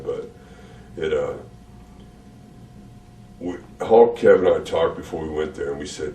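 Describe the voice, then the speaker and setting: Very deep-voiced man, relaxed and rambling. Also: moderate pace, long pauses. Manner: relaxed, rambling, frequent fillers and repeated words. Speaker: interview guest, retired wrestler. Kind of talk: candid sit-down interview. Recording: roomy echo, distant mic, faint hum.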